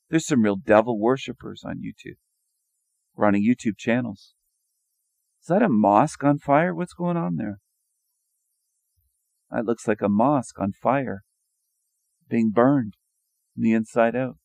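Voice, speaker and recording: A man's voice: medium pitch, unhurried, vocal fry, long pauses, darkish tone, no room sound. A man giving a sarcastic, mocking monologue over images, firing rhetorical questions and repeating his phrases. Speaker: video commentator.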